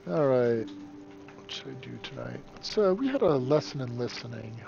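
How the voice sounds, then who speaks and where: A man's voice: mid-range voice, big pitch swings, gravelly, muffled recording. A man, one of the game's developers, casually playing through it on a live stream and reading the game's dialogue aloud. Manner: casual, reads character lines in quickly dropped voices. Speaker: game developer playing his own game. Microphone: desk microphone.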